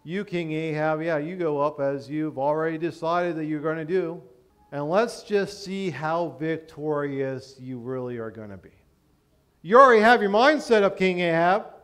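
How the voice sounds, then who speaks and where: A man's voice: a little high, normal speed, a bit bright, smooth, pitched below the performer's own voice, lightly acted. A man voicing a mocking male prophet who taunts a king, sarcastic and scolding.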